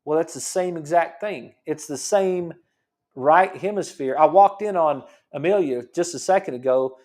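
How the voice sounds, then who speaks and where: A middle-aged man hosts a health talk program and explains in a teaching manner. His voice sits a bit higher than most men's. He presses his points home with frequent restarts and repetitions. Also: moderate pace, darkish tone. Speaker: chiropractor show host. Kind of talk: explanatory talk-show monologue.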